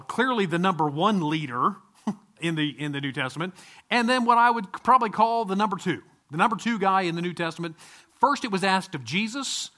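A middle-aged man preaching a sermon in a conversational, animated way, with asides to his listeners. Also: on the high side.

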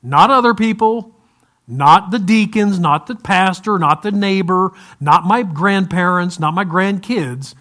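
A male pastor preaching a sermon in a relaxed, conversational way, with light humor and frequent restarts. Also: high voice, a little slow. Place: church service, also streamed to viewers at home.

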